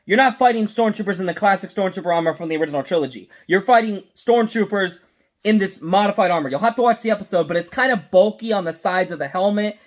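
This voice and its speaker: A man hosting a casual fan review, talking excitedly and rambling, often stopping to correct himself mid-sentence. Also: sits high. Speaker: host.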